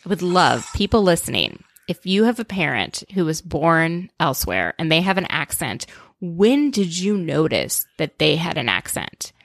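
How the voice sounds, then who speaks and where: Chatty woman with a lowish voice. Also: very animated, moderate pace, dry recording. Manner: chatty, thoughtful, trails off mid-sentence. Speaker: podcast co-host. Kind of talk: casual reality TV recap chat.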